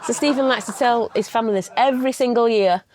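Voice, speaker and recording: A woman's voice: a little high, quick pace, background noise. A woman co-hosting a casual chat, telling stories sent in by viewers in a chatty way. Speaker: co-host.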